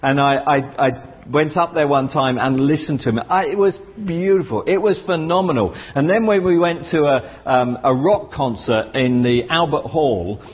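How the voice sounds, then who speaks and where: A man preaches a lively sermon in a slightly husky voice, climbing high in pitch when he stresses a point and often restarting his sentences. The sound is narrow and tinny, like a phone line. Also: moderate pace, few pauses, long reverb tail. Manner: enthusiastic, with wide swings in pitch and frequent restarts. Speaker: pastor.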